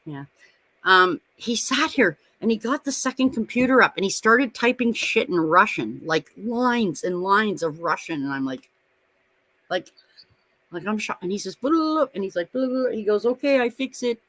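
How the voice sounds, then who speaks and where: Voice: medium pitch, lively intonation, moderate pace, sharp tone, no room sound. A middle-aged parent co-hosting a live watch-party stream, telling long, profane, rambling stories in casual chat and laughing often.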